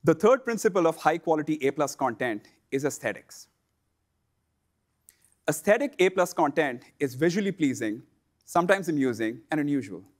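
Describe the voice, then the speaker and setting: Online sellers are the audience for this scripted instructional lesson, which a fairly high-pitched man presents with a measured, explanatory manner.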